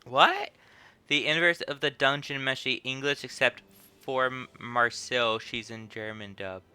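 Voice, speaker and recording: Bright-voiced young man streaming a game. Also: mid-range voice, steady tone, measured pace, smooth. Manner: laughs a lot, swears, jokey. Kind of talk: casual gameplay commentary. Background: game music.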